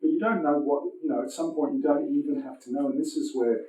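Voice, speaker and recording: Middle-aged philosopher guest, mellow voice, animated and swearing, heard from a distant mic in a roomy space. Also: male voice, a little high, fast, slight background noise. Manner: animated, profane, many restarts and fillers. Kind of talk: casual conversational interview. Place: lecture room.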